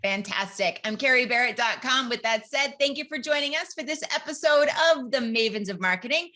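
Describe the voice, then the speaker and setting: A middle-aged woman co-hosting a podcast, with a bright, clear tone. She talks in a relaxed, casual way and tells her stories with a ready laugh. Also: a little high, a little fast. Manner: storytelling, laughs often. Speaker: podcast co-host. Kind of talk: casual chat.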